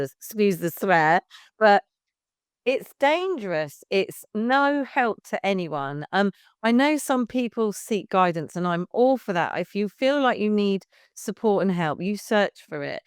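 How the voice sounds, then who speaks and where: In a clean studio recording with no room sound, a woman in her fifties with a mid-range, clean-toned voice appears as a podcast guest. She leads baby music classes and talks frankly, swearing casually.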